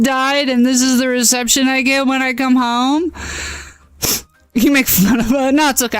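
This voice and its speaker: A woman's voice: sits high, steady tone, normal speed, clear, resonant tone, no room sound, soft background music. A nasal-voiced woman casually chatting with her viewers while she streams a game, self-deprecating and exasperated by technical trouble. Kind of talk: casual live-stream chat while gaming.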